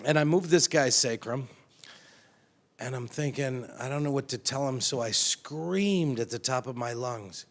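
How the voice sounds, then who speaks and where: A man, a chiropractor, telling an animated anecdote to a conference audience and acting out the lines he shouted. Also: on the high side, normal speed. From United States. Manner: animated anecdotal storytelling, acts out shouted quotes. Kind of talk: storytelling speech to a conference audience.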